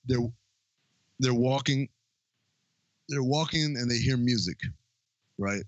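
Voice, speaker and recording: A man's voice: mid-range voice, dry recording, lo-fi sound. A man co-hosting a podcast, chatting casually about a movie, swearing freely and laughing often. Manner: animated, swearing, quick to laugh. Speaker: podcast co-host.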